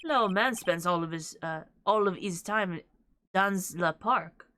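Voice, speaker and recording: A woman voicing a pompous middle-aged male chef who speaks slowly and theatrically in a fake French accent, dropping French words. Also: on the low side, sharp tone, slight background noise.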